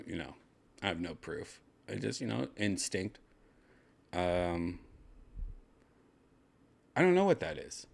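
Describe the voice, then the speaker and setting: A man's voice: lowish voice, gravelly. An older man hosting a casual show from his home, rambling and joking crudely. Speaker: host. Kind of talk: casual chat. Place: second-floor home room.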